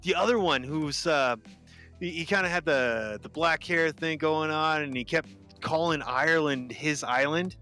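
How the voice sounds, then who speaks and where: A man chatting on a live stream, telling game stories animatedly and acting out yells and sounds. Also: a little high, measured pace, faint music behind. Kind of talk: casual chat on a live gaming stream.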